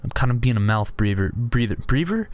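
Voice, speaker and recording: A man's voice: mid-range voice, animated, fairly quick, a little mellow. A young man with a sore throat, rambling casually at his desk about items he collects, full of restarts and fillers. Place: home room at a desk.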